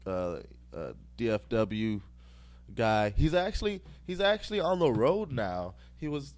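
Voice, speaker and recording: A man's voice: fairly low pitch, a little mellow. A young man hosting a podcast, telling a rambling, profane story and laughing at his own jokes. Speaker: podcast host.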